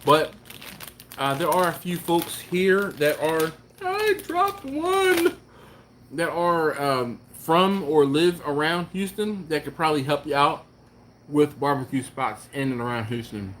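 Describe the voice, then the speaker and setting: A man hosting a barbecue channel's live stream, chatting casually and answering viewer comments in a relaxed, rambling way. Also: a little high, unhurried, a little hiss or hum. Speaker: BBQ channel host.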